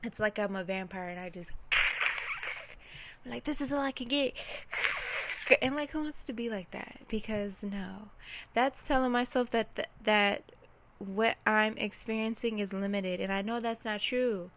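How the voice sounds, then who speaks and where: A woman's voice: medium pitch, normal speed. Emotional woman reflecting aloud. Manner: candid, emotional, talks to herself and viewers. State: close to tears. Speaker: self-reflection vlogger. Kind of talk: unscripted personal reflection.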